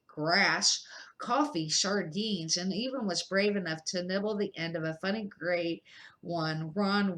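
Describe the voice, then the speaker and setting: A woman's voice: on the low side, fairly bright tone, poor audio. An older woman reads a children's chapter book aloud for her grandchildren. She goes at an easy, careful pace and sometimes trips over a word and starts again. It sounds homey rather than polished. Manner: unhurried read-aloud with slips and restarts.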